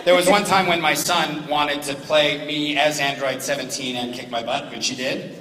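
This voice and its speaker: A middle-aged man, a voice actor guest at a convention panel, telling stories and jokes in an animated way. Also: fairly high pitch, moderate pace, background noise. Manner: jokey, animated storyteller. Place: large convention hall. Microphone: far from the recording device. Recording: echoey hall from far off, loud crowd.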